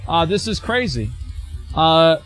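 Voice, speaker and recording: Male streamer, slightly high voice, blunt, mocking, swears freely while reacting to posts. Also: big pitch swings, takes it slowly, fairly bright tone, soft background music. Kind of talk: reading and reacting to forum posts.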